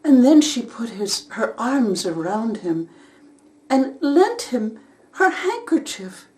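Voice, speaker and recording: Woman storyteller, storybook narration, expressive, very slow, lively pitch. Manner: expressive, unhurried.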